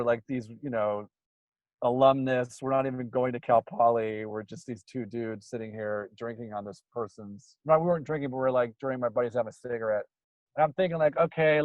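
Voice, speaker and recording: A man telling a ghost story in a rambling, casual way, full of fillers, getting animated as it builds. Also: medium pitch, brisk, no room sound, muffled recording. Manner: rambling, filler-heavy, gets animated when excited. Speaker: guest storyteller.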